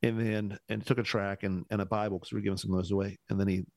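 Low-voiced pastor telling a story. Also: male voice, fast talker, dry recording. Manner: animated storyteller who acts out the dialogue; casual, uses "man" often, restarts sentences. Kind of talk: storytelling in a podcast conversation.

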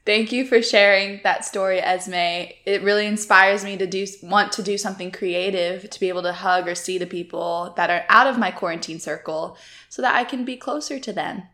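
A young adult woman co-hosting a casual chat, reacting warmly and then telling her own story. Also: mid-range voice, fairly even intonation, moderate pace, few pauses. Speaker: podcast co-host.

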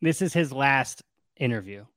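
A man hosting a casual podcast about a book, retelling it in an animated way and laughing often. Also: mid-range voice, normal speed, dry recording. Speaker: podcast host.

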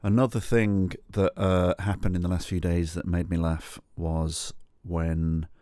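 A middle-aged man tells a comic story alone at the mic, laughing at himself and swearing along the way. His voice sits on the low side. The recording is dry and close, with no room sound. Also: flat delivery, unhurried, warm tone, no echo. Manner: self-mocking, sweary, acts out quotes in a high pleading voice. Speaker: podcast host. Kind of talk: solo comedic storytelling.

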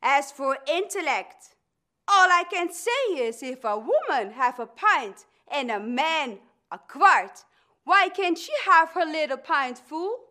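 Defiant middle-aged woman orator , as an actress reads her, high and bright, slow emphatic declamation. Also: expressive, heavily acted. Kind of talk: dramatic speech reading.

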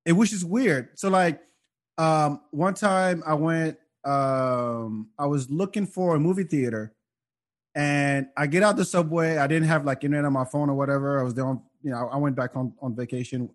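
In a relaxed podcast conversation, a comedian guest tells animated stories and acts out the voices of the people in them. His voice sits on the high side and moves at normal speed.

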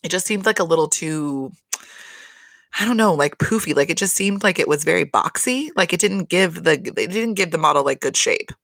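A woman's voice: on the low side, normal speed, vocal fry, dry recording. Dry, close-miked woman chatting casually. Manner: rambling, expressive, swears and laughs often. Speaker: reality TV recap podcaster. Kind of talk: casual solo recap chat.

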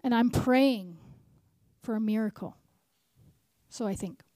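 A woman preaching at a conference, animated, repeating key lines and asking the crowd questions. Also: fairly high pitch, takes it slowly, no echo, clean studio sound. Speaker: conference speaker. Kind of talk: sermon.

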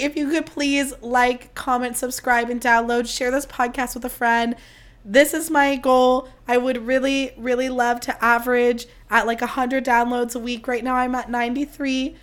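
A woman hosting her podcast solo, chatting casually and mocking herself, her voice strained and squeaky. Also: fairly bright tone. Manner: chatty, self-mocking, swears freely. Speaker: podcast host.

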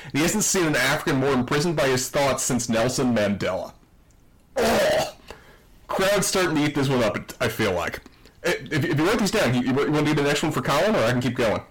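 A man's voice: mid-range voice, animated, brisk, low-quality recording. A man co-hosting a podcast, recapping a TV episode with enthusiasm and reading quotes aloud in casual chat. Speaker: podcast co-host.

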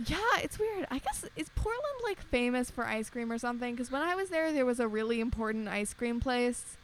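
Higher-voiced young woman, rambling chat. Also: fairly quick, a little hiss or hum. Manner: animated, rambling, lots of filler words. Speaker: podcast co-host. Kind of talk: casual chat.

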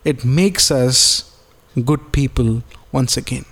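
A man's voice: medium pitch, takes it slowly, a bit bright. A man preaching a sermon as a pastor, earnest and repeating key phrases, reading scripture aloud and explaining it plainly.

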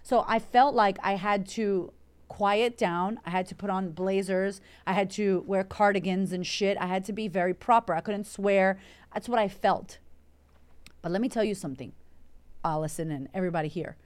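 A woman from Puerto Rico, a confidence coach hosting an Instagram live Q&A, talking in a brash, energetic way full of swearing while she answers viewer comments. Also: medium pitch, moderate pace. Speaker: confidence coach and podcast host.

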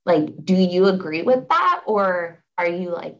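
A woman's voice: lowish voice, lively intonation, slow pace. A young woman guest on a podcast, chatting casually with lots of fillers as she tells a story. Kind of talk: casual interview chat. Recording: dull, slightly lo-fi audio.

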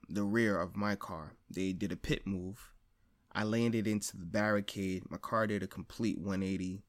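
A male podcast host delivers a blunt, profane personal monologue, repeating phrases for emphasis. When he presses a point, his voice grows louder and higher.

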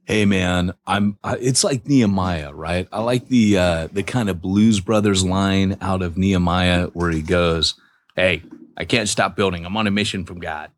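Deep-voiced joking podcast co-host, man. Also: normal speed, dry recording. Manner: joking, rambling storyteller. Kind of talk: casual banter.

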